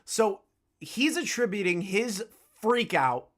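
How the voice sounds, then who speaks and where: A man's voice: high voice, lively intonation, slow, a bit bright. A man hosting a drama commentary video, reacting bluntly and with a lot of swearing. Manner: blunt and profane, with frequent restarts. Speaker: commentary channel host.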